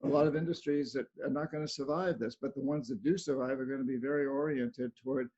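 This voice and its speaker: A man's voice: medium pitch, steady tone, quick pace, darkish tone, slight background noise. An older man, an author, talking earnestly as a guest on a video call and often repeating words as he goes. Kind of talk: casual video-call interview. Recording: dull lo-fi video-call audio.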